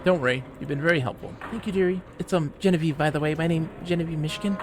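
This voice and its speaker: Man doing a high, fussy elderly librarian woman, prim and guarded, game read-aloud. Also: steady tone, fast, over music, lightly acted. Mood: coy. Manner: fussy, says dearie, high pitched. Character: prim old female librarian, sweetly guarded. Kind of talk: voicing game dialogue on stream.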